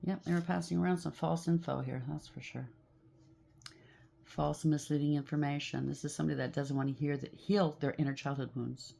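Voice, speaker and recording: A woman's voice: deep voice, fairly even intonation, a little fast, gravelly, mellow. A woman doing a casual tarot reading, blunt and emphatic, with a lot of repetition as she calls out the cards. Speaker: tarot reader.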